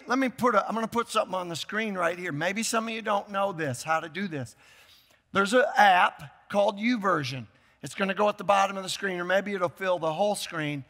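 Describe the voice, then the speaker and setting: An older man preaching a sermon as pastor, emphatic, repeating key phrases and breaking into shouts. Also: sits high, gravelly, big-room sound. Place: church sanctuary.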